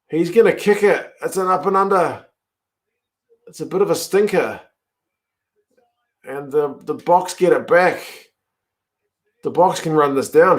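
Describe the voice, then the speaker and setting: A man hosting a live rugby watch-along from home, commentating on the match, chatting with viewers, and yelling at the TV in excitement. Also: on the high side. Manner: excitable, yells at the screen, chats with viewers. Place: home, in front of a TV.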